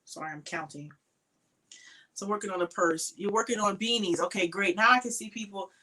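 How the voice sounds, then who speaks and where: A woman's voice: mid-range voice, a little fast, pushed and bright, low-quality recording. A woman hosting a casual crochet livestream from her home craft shed, chatting to viewers by name, tired and sleepy, with frequent ums.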